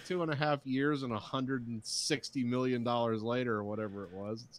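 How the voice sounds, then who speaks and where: A man's voice: medium pitch, fairly even intonation, brisk, hardly any pauses. A middle-aged man on a podcast, ranting in casual chat and swearing freely while he mocks what he dislikes. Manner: ranting, profane, mocking quotes. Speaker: podcast co-host.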